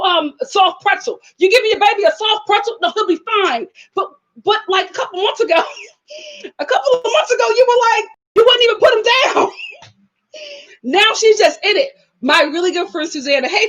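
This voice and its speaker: A young woman hosting a reality TV review, chatting casually and animatedly, often laughing and acting out what people said. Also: high-pitched. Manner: animated, laughing, acts out quotes. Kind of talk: casual chat.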